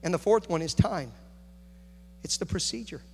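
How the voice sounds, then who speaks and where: A man's voice: fairly high pitch, expressive, moderate pace. Preaching man in an echoey hall. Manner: builds from hushed to shouting intensity. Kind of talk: sermon. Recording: echoey hall with faint hum.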